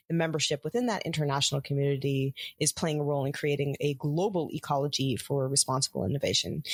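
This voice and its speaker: A woman's voice: low voice, no echo, studio quality. A woman hosting an interview podcast, framing long, articulate, thoughtful questions for her guest. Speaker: podcast host.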